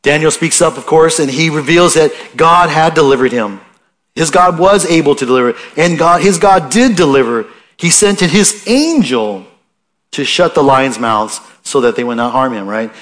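Preaching at an ordinary speed, this man has a fairly high, somewhat bright voice. His sermon feels like a conversation: he poses questions to the congregation, often starts over mid-thought, and reads passages of scripture with mounting intensity.

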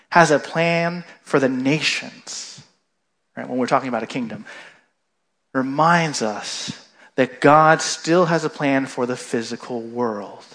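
A male pastor giving a sermon in a relaxed, conversational manner. His voice sits a little high, and he keeps checking in with the congregation as he goes.

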